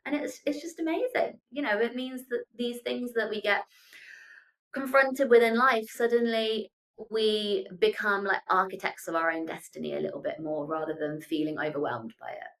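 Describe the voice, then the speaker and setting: A woman's voice: mid-range voice, normal speed, poor audio. A woman who is an astrologer, a guest on a podcast, talking casually and expressively. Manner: expressive, animated storytelling. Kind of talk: casual conversation.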